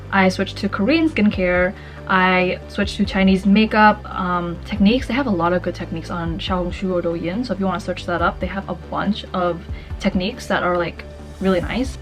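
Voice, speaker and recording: A young woman vlogger talking casually and passionately to the camera, full of "like" fillers. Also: mid-range voice. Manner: chatty, passionate, lots of "like" fillers. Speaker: lifestyle vlogger. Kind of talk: casual advice vlog.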